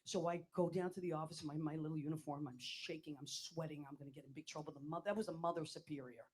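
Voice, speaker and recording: An older woman hosting a show, telling stories in an animated, chatty way with quick asides and restarts. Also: low-pitched, slightly rough. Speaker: host. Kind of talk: casual storytelling chat.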